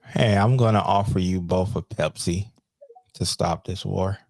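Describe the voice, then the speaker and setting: A man's voice: low-pitched, fairly even intonation, a little slow, creaky, darkish tone, no room sound, studio quality. Laid-back joking male moderator. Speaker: debate moderator. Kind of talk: moderating online debate. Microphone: online call.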